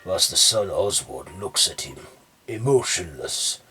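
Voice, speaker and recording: A man narrating a horror story in a slow, steady way. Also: sits low, slightly rough, faint music behind.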